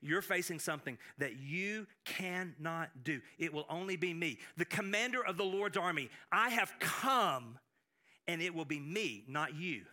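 A man preaching a sermon as pastor, animated, with frequent restarts and acted-out quotes. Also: on the high side, unhurried.

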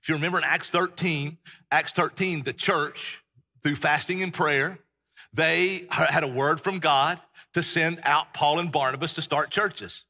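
A middle-aged pastor preaches a sermon in a church sanctuary, folksy and emphatic. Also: male voice, on the high side, steady tone, a little slow, sharp tone. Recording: long church-hall reverb.

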